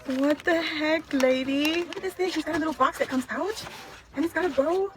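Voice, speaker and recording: A woman vlogger chatting casually as she unboxes a craft gift, gushing with excited exclamations. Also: sits high, normal speed, over music. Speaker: craft vlogger opening mail.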